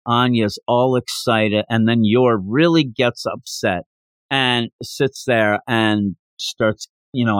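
A man hosting a podcast, recapping a manga chapter in casual, animated chat with frequent laughter. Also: mid-range voice, slow, no echo, clean studio sound. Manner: animated, laughing, acts out quotes. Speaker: podcast host.

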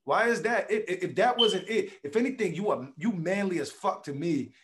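Man, podcast guest, casual and profane, slightly higher voice. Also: moderate pace. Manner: blunt, profane, animated storytelling with acted quotes. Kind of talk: casual conversation.

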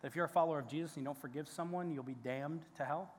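A man's voice: fairly high pitch, rapid-fire. A male pastor preaching a sermon in a conversational, emphatic way, with restarts and rising peaks of intensity. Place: church sanctuary. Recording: long church hall reverb.

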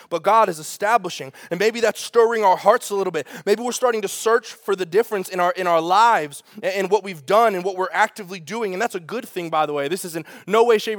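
A man preaching a sermon as pastor, in an animated, conversational way, asking the congregation rhetorical questions. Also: high voice, no echo, clean studio sound.

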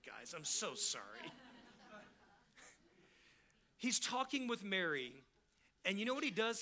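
A male pastor preaching with a high voice and a very bright, forceful edge. His delivery is casual and emphatic, and he acts out the people he quotes along the way. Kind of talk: sermon.

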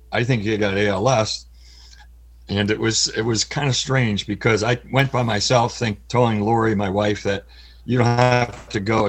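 A middle-aged man giving an interview, speaking in an earnest, halting way with frequent pauses, his voice cracking with emotion. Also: lowish voice, breathy edge. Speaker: interview guest. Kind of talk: candid personal interview.

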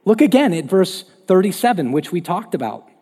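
A male pastor preaching a sermon in an animated, conversational way in a church hall. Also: high-pitched, brisk, slightly rough. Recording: long hall reverb.

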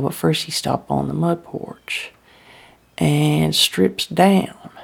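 A woman tells a first-person story in a drawling dialect. She often slips into breathy whispers. Her voice is gravelly and husky, and she keeps an unhurried pace. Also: deep voice, a little mellow. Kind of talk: first-person dramatic monologue.

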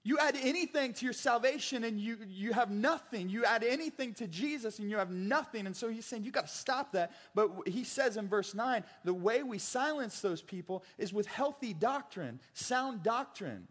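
Chatty, animated man preaching in a hall. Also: extremely high pitch, moderate pace, hardly any pauses. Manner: animated, chatty, jokey asides with quoted voices. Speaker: pastor. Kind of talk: casual sermon with personal stories. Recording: long hall reverb.

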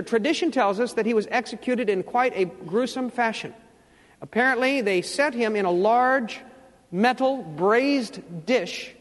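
A man's voice: sits high, in a large hall. A man preaching a sermon, telling a Bible story and acting out what its people say, now and then asking his congregation questions. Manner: storytelling preacher, acts out biblical quotes, asks the congregation questions. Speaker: pastor.

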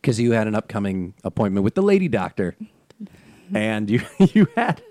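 A man co-hosting a casual chat, animated and laughing often, talking fast. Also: on the low side, no echo. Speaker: podcast co-host. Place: Los Angeles area.

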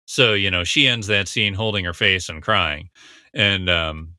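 A man with a smooth, fairly low voice that has a very bright, sharp edge comments on a TV scene. He breaks it down casually and analytically, recapping dialogue and pausing often on fillers, in a close, dry recording with no room echo.

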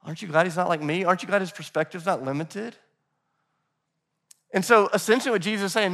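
A pastor at a church in Nashville preaches a sermon in a casual style, calling the congregation "guys" and acting out the quoted voices of scripture figures. His voice is a little high and a bit bright, with fairly even intonation, a brisk pace and long pauses.

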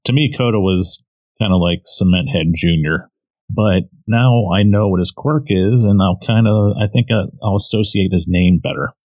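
A man co-hosting a podcast, calmly giving his opinion on a manga chapter. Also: lowish voice, moderate pace, dry recording. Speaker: podcast co-host. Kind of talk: casual manga discussion.

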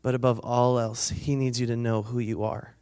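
A man's voice: medium pitch, little pitch movement, moderate pace, a little mellow, clear, resonant tone. A man delivers a conversational sermon to a retreat crowd. He reads scripture, then retells it in his own casual words, playing out the people in the story. He laughs along and gets the listeners to say lines back to him. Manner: conversational, acts out quotes, asks the crowd for responses. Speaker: speaker at a weekend retreat.

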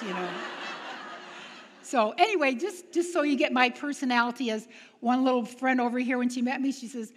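Lively woman telling stories in a hall. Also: on the high side, fairly quick, noisy background. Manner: animated, acts out quoted voices, laughs often. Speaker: speaker at a retreat. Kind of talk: storytelling talk to an audience. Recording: long hall reverb.

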